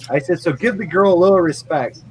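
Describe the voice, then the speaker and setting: A man's voice: high-pitched, a little fast, darkish tone, slight background noise, low-quality recording. Blunt, profane man telling a story. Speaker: lawn mowing business owner. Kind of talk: casual podcast chat.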